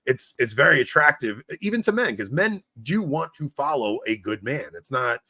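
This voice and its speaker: A man's voice: medium pitch, very animated, moderate pace, bright, forceful tone, no echo. A man hosting a podcast, chatting casually and animatedly, laughing often and restarting his sentences. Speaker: podcast host.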